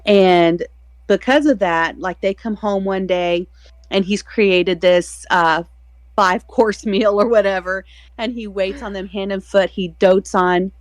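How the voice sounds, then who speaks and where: A woman's voice: medium pitch, fairly even intonation, slow, no room sound. A woman co-hosting a book podcast, talking in a casual, rambling way and laughing often. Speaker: podcast co-host. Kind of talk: casual chat.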